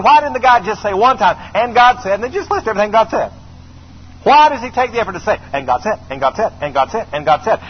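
A middle-aged man delivers an emphatic sermon in a high-pitched voice, repeating key phrases and calling on listeners to respond. The recording is a little muffled, with faint background noise.

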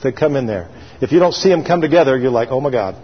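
A man's voice: mid-range voice, quick pace, breathy edge. Preacher man in an echoing church. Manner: call-and-response with congregation; storytelling, animated and folksy. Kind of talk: sermon. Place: church sanctuary. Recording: dull recording with long hall reverb.

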